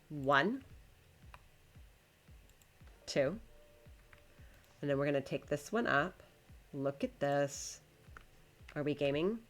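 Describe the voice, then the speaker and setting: A woman with a deep voice is streaming live, casually chatting to her viewers and to the game as she builds, and she swears when it frustrates her.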